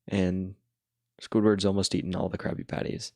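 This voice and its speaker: A man's voice: sits low, little pitch movement, a little fast, a little mellow, dry recording, clean studio sound. A man chatting casually while drawing, retelling a cartoon episode in a laid-back, rambling way.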